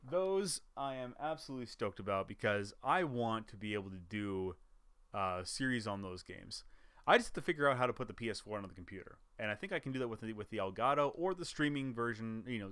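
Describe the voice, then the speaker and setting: A man's voice: lowish voice, animated, fairly quick, fairly bright tone, clear, resonant tone, dry recording. Rambling gamer guy recapping his year. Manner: rambling, with restarts and chuckles. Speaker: gaming YouTuber. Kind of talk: casual year-in-review chat to camera.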